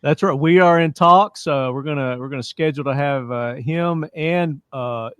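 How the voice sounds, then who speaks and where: An upbeat man hosting a casual podcast. His voice sits slightly high. The recording is dry, with no room sound. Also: moderate pace, smooth, no echo. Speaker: podcast host.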